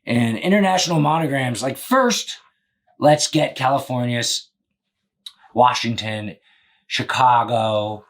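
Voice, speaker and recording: Husky-voiced young man joking on a podcast. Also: medium pitch, takes it slowly, pauses often. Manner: rambling, joking, swears freely. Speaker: podcast host and business owner. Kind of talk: casual podcast chat.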